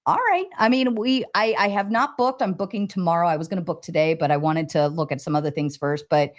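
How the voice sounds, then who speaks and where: A woman hosting a casual livestream with a lot of energy. She talks fast and excitedly, swears freely, and her voice jumps higher when she reads viewer messages aloud. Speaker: livestream host. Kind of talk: casual livestream talk, reading chat aloud.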